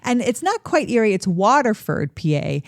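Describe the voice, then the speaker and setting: A woman's voice: medium pitch, very animated, normal speed, no echo, clean studio sound. A woman co-hosting a history podcast, explaining events in a casual, storytelling way.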